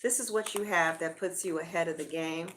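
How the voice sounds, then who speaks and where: A woman's voice: fairly low pitch, a little fast, fairly bright tone, slight background noise. A woman giving a casual tarot reading in a blunt, profane way of talking. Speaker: tarot reader.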